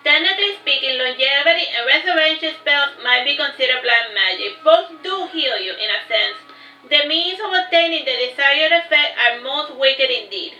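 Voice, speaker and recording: A woman voicing a clever, wry young sorceress sister with a measured, knowing delivery, in a roomy, distant recording. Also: high voice, animated, bright, forceful tone. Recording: distant, roomy, dull, faint music.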